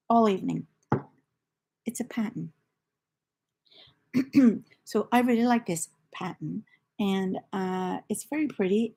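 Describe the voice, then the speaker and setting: A woman's voice: mid-range voice, darkish tone. An older woman from the United Kingdom, hosting a knitting livestream in a rambling, chatty storytelling way. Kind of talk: casual chat.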